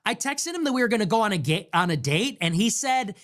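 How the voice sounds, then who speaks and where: A man's voice: high voice, big pitch swings, fast talker, a bit bright. A man mockingly voicing an entitled young woman who whines about the men she dates. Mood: whiny.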